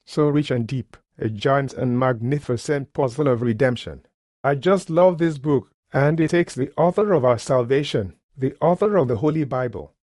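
A man's voice: medium pitch, darkish tone, no room sound. Emphatic male preacher, dry sound. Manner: emphatic, declamatory scripture preaching. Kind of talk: sermon.

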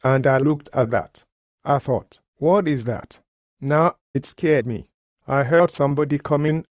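A man's voice: mid-range voice, unhurried, darkish tone, no echo, studio quality. Earnest plain-spoken male preacher. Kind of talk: sermon testimony storytelling.

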